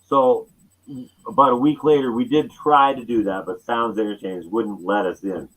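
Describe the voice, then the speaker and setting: A man from Canada, a musician guest on an interview, telling stories in a lively way and acting out what people said. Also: medium pitch, moderate pace, poor audio. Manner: animated storyteller who acts out the quotes. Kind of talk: casual storytelling interview.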